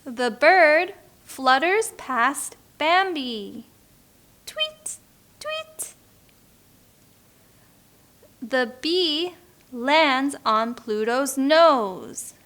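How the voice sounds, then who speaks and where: Slow, bright-voiced woman reading aloud. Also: sits high, lively intonation. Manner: slow, clear, with playful animal sounds. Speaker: English teacher reading aloud. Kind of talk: slow read-aloud picture book for beginners.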